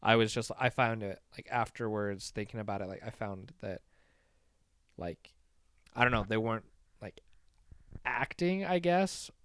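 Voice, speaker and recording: A man's voice: fairly low pitch, measured pace, pauses often, a bit bright, smooth, no echo, studio quality. A man hosting a film podcast in casual chat, hesitant and full of fillers, asking his co-hosts questions. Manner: hesitant, filler-heavy, asks the others questions.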